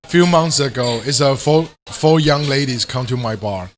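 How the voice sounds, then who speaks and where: A man who owns a cocktail bar, chatting as a guest in simple, halting English. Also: medium pitch, background noise. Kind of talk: casual chat.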